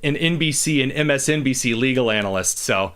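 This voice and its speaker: A man's voice: mid-range voice, expressive, fairly quick, a bit bright, clean tone. A man hosting a radio talk show, reading posts aloud and reacting with dry sarcasm in a casual tone. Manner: wry and sarcastic, reads listener tweets aloud. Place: radio studio.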